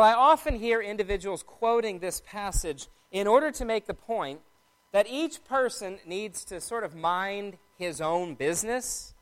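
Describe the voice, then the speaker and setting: Man preaching a measured sermon. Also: high-pitched, a bit bright, smooth. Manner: measured, explanatory teaching tone.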